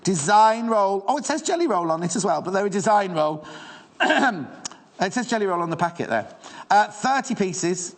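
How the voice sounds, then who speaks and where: A man hosts a live shopping channel, gushing over sewing fabrics with rambling, playful asides to the crew. His voice sits fairly high and swoops all over the place. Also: animated, normal speed.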